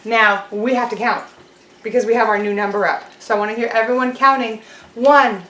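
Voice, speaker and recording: A woman teaching a children's lesson, talking slowly and clearly in a sing-song teacher voice to young kids. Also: fairly high pitch, steady tone, fairly bright tone. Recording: roomy echo.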